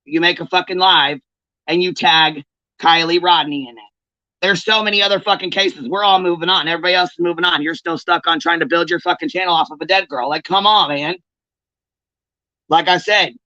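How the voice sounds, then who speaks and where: Woman host mid-rant on her livestream: forceful, cursing, dry and lo-fi sound. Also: on the low side, no echo. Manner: heated, profane, confrontational calling-out. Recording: dull, lo-fi stream audio.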